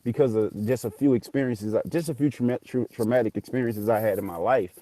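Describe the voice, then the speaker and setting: A man tells a ghost story casually, animated and profane, acting out the voices. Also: medium pitch, quick pace, dry recording. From Memphis area, US South. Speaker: guest telling a ghost story.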